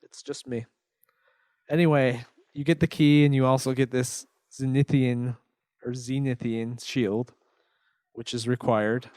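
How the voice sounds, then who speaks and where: A man walking through a game's plot on a casual review podcast, now and then slipping in deadpan sarcasm. His voice has an ordinary pitch for a man and is recorded close and dry. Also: a little slow, no room sound. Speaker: podcast co-host. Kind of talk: casual game review chat.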